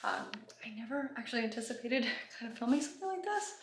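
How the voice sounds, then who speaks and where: A woman vlogging in a rambling, chatty way, full of "like" and "um", sometimes dropping to hushed asides. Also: a little high, expressive, fast, noisy background. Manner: rambling and chatty, heavy use of "like" and "um". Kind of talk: casual confessional vlog. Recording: echoey room with background music.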